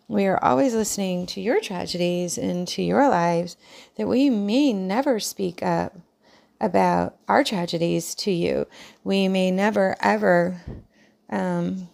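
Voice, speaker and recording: A woman's voice: mid-range voice, a little slow, gravelly, a little mellow. A middle-aged woman who works as a hairdresser, hosting her own podcast in a casual, rambling way with many fillers and restarts. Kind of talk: casual solo podcast talk.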